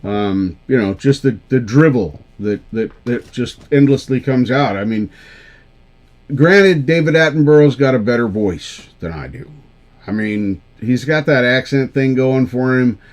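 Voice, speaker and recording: A man's voice: mid-range voice, unhurried. A man hosting a live karaoke stream, chatting casually with viewers in a rambling, self-deprecating way. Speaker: livestream karaoke show host.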